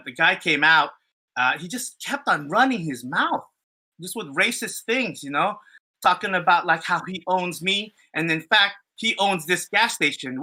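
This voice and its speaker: Man, casual podcast storyteller, very bright tone, rambling, profane, filler-heavy. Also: sits high. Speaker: podcast co-host.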